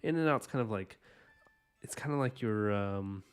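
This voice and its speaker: Rambling, low-voiced male stream host. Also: lively intonation, measured pace, smooth, faint music behind. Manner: rambling and enthusiastic, many "like"s and "you know"s. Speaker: livestream art host chatting with viewers. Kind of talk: casual live-stream chat.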